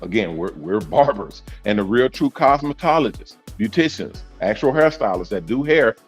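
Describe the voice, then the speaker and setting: A man's voice: fairly low pitch, animated, moderate pace, husky, faint music behind. A man hosting a casual livestream from on the move, talking emphatically and repeating his points. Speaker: host, owner of a salon network. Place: mobile, in a vehicle.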